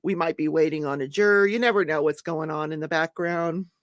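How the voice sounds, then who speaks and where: A woman's voice: low voice, fairly even intonation, brisk, no echo, studio quality. An older woman hosting a casual home livestream, chatting and laughing as she greets viewers by name. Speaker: livestream host.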